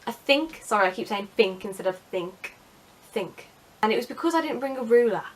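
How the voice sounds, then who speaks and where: A woman's voice: medium pitch, animated, a little fast. Chatty, sarcastic young woman. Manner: chatty, sarcastic, self-mocking. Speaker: vlogger. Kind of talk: casual vlog chat.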